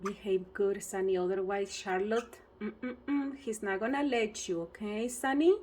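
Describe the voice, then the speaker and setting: A woman's voice: mid-range voice, measured pace, darkish tone, faint music behind. A woman vlogging about her pet budgies in casual, often searching for words and talking to the birds. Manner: non-native phrasing, searches for words. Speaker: bird-keeping vlogger. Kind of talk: casual vlog narration and talking to pets. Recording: noisy home recording with budgie chirps.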